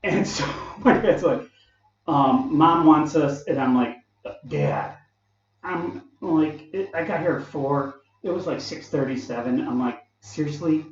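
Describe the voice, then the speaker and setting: A man tells his stories in a loose, rambling way, breaking into laughs and playing out what others said. His voice sits a little high and sounds set back from the mic. The recording is muffled and strongly echoey. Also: a little slow. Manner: laughs often while talking, acts out quoted people. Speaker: vlogger telling work stories. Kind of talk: rambling casual storytelling. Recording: echoey, dull, from far off the mic.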